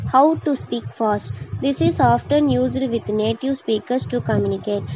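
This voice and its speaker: A woman reading out a lesson on English pronunciation in short phrases, with some slips in wording. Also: a little high. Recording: dull lo-fi recording, faint hiss.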